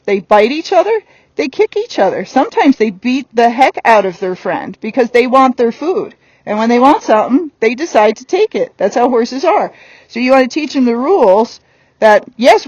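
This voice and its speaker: A woman's voice: fairly high pitch, a little mellow, no room sound, lo-fi sound. A woman horse trainer giving a hands-on lesson while working a horse on the ground, blunt and firm.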